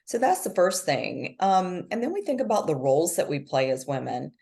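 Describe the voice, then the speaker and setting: A middle-aged woman appears as a podcast guest in a motivational conversation, talking earnestly, emphatically, and encouragingly. Her mellow, creaky voice has a sing-song quality, moving at normal speed with sweeping swings of pitch.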